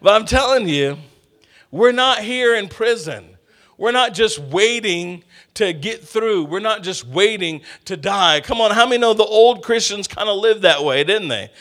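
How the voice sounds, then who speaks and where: Middle-aged guy preaching, high voice, lots of "come on somebody" to the crowd. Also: measured pace. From Texas. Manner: lively, call-and-response with congregation. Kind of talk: sermon.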